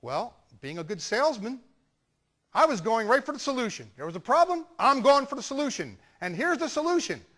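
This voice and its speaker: Animated male sales trainer, high voice, swinging pitch, telling a story. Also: a little fast. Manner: animated storyteller, acting out dialogue. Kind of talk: storytelling talk.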